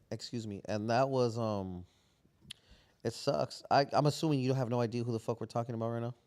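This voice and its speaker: A man's voice: mid-range voice, a little fast, darkish tone. A man co-hosting a podcast, telling stories in a casual, rambling, slang-heavy way. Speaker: podcast co-host. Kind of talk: casual chat.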